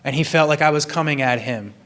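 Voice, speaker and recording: A man in an earnest, apologetic personal monologue, speaking slowly and in a measured way, recorded in a gym. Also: on the high side, fairly bright tone. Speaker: vlogger sharing personal confessions.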